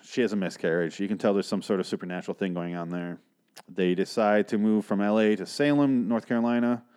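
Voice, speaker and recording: A man's voice: fairly low pitch, steady tone, a little fast, a little mellow, clear, resonant tone. A man hosting a podcast, recapping a TV episode in a casual, profane, sarcastic and rambling way. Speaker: podcast host.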